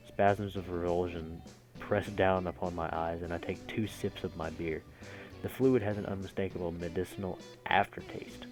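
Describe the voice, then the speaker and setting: Man, deep voice, gaming streamer, reading a visual novel aloud, casual asides, faint music behind. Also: steady tone, normal speed. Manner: casual, reacting to the text mid-reading.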